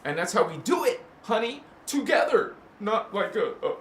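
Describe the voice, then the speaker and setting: A man hosting a casual spiritual talk to camera, playful and slangy, swinging between loud bursts and hushed murmurs and chanting made-up syllables. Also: high-pitched, sing-song, normal speed, hardly any pauses. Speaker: spiritual channel host. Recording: echoey room with faint ambient noise.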